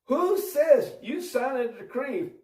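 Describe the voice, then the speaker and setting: A man voicing a young queen who pleads with her husband, his voice raised and slowed. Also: sits high, expressive, darkish tone, far from the mic, voice pushed up. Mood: accusing. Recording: roomy audio from off-mic.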